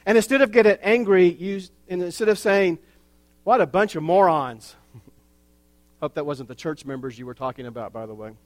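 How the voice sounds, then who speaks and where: A pastor delivering a sermon in a slow, earnest way, with wry asides. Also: male voice, high voice, no room sound.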